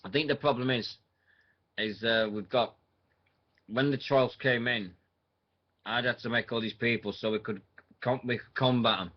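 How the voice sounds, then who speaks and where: Male host, chatty and meandering, average pitch, muffled low-fi recording. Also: steady tone, normal speed, pauses often. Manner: rambling, thinking aloud with many fillers. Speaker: radio show host. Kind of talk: casual online radio chat.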